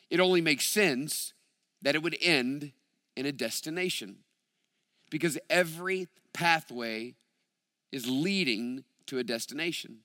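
Bright-voiced man preaching in a reverberant hall. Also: medium pitch, studio quality. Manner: emphatic preaching, varies emphasis and slows on key phrases. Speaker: pastor. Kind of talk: sermon.

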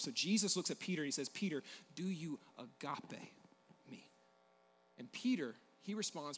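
Expressive male preacher, slightly high voice. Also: big-room sound. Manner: expressive, shifts between loud emphasis and hushed intimacy. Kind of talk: sermon.

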